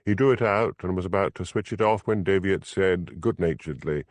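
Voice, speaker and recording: A man reading an audiobook mystery as narrator, in measured, expressive storytelling. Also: sits low, no room sound. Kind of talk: scripted narration.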